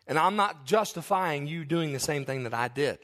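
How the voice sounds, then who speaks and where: A man's voice: fairly high pitch, animated, normal speed, a bit bright. A male pastor preaching a sermon in church, telling confessional, humorous stories to his congregation.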